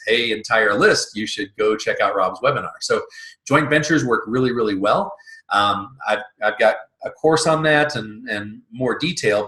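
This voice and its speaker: In a recorded online business lesson, a man teaches in a chatty, casual style full of fillers and restarts. His mid-range voice comes across pushed and bright, and the room adds a noticeable echo.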